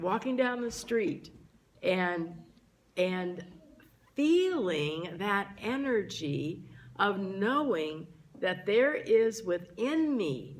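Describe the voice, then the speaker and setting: A woman minister delivering a sermon in a church, speaking to the congregation and drawing out key words for emphasis. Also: mid-range voice. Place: church sanctuary.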